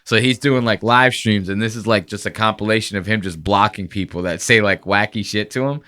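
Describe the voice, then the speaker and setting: A man's voice: on the low side, brisk, bright, forceful tone. A man hosting a podcast, chatting casually in a crude, joking, rambling way. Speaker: podcast host. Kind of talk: casual chat.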